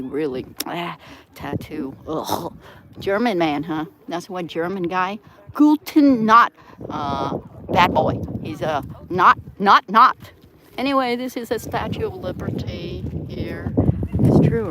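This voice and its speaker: Lively, slow-talking woman vlogging outdoors. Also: mid-range voice, background noise. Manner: animated, laughs often, digresses into outbursts. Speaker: vlogger on a live stream. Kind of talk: rambling live chat. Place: outdoors at a seaside plaza.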